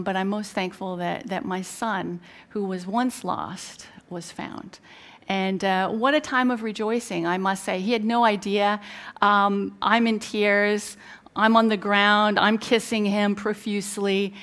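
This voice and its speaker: A woman's voice: medium pitch, fairly even intonation, measured pace, fairly bright tone. Woman, middle-aged, sermon, personal story, emphatic, many fillers. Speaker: preacher.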